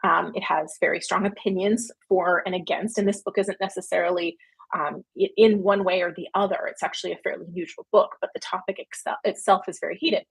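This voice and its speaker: A woman's voice: fairly low pitch, steady tone, brisk, vocal fry, slightly rough. A woman with a Canadian accent, hosting a livestream and answering viewer questions in a chatty, rambling way with frequent laughs. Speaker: publishing company founder hosting a livestream. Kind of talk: casual livestream Q&A.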